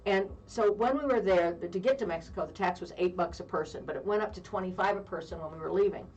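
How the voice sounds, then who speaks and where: A woman in her fifties co-hosting a radio talk show, telling a long story in a lively way with frequent laughter. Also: fairly low pitch, quick pace, lo-fi sound. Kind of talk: casual on-air chat, storytelling. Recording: distant mic with faint background noise.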